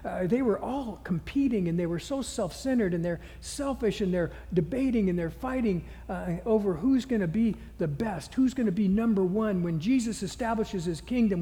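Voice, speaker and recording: High, mellow-voiced preacher in a reverberant hall. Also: male voice. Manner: earnest storytelling, retelling scripture scenes. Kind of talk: sermon.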